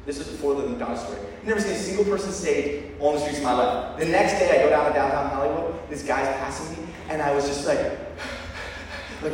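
A man from Lancaster County, Pennsylvania preaches an energetic sermon, telling stories with lively call-and-response to his congregation in a large hall with an audience. His voice sits high and moves at a quick pace, recorded from far off in an echoey hall with slight background noise.

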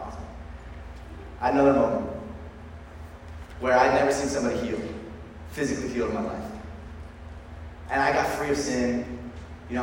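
A man preaching a sermon, telling stories with lively call-and-response to his congregation. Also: mid-range voice, a little hiss or hum. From Lancaster County, Pennsylvania. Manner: energetic, storytelling with call-and-response. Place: large hall with audience. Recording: echoey hall recorded from far off.

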